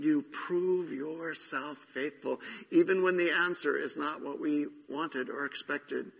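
A man's voice: a little high, vocal fry, fairly bright tone, breathy edge, long reverb tail, low-quality recording. A man leading prayer and preaching a sermon as pastor in a church sanctuary, earnest and prayerful. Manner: slow, earnest, prayerful with drawn-out phrases. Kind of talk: sermon with prayer and scripture reading.

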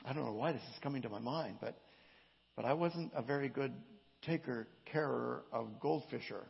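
A man's voice: medium pitch, gravelly, slightly rough. A man preaching a sermon, reading scripture aloud with his own dramatic inflection. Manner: reads scripture with dramatic inflection, slow and emphatic. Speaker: pastor. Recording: dull echoey hall.

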